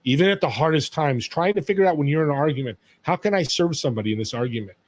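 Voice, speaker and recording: A man's voice: fairly high pitch, expressive, rapid-fire. A man on a podcast as a guest, talking in an emphatic, storytelling way about serving others. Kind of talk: motivational interview talk.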